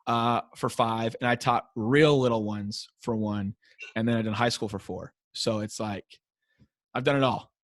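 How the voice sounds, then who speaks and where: An American man, a high school teacher, telling classroom stories in a casual interview and acting out the kids' voices. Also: unhurried, no echo. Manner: animated storyteller, acts out kids chanting. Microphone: wearing a mic.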